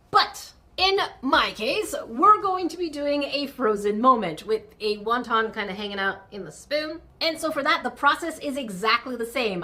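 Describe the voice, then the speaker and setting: A woman hosting a crafting vlog, chatting casually and gushing excitedly over tiny miniature items as she builds a project. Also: on the high side. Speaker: crafting channel host.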